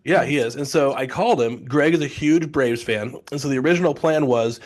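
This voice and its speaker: A middle-aged man, a test prep company founder, telling long stories with quick asides and restarts in a casual podcast interview. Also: mid-range voice. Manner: chatty storyteller, many restarts and asides.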